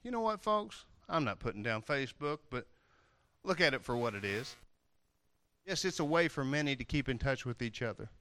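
A male preacher giving a lively, playful sermon, swinging from loud outbursts to quiet asides. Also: medium pitch, normal speed, no echo. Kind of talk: animated sermon.

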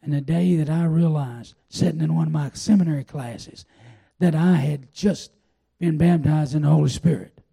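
An older man preaching a sermon, telling a personal testimony in a folksy, drawn-out way. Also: fairly high pitch, vocal fry, dark tone, breathy edge. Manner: folksy storytelling, drawn-out pauses. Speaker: pastor.

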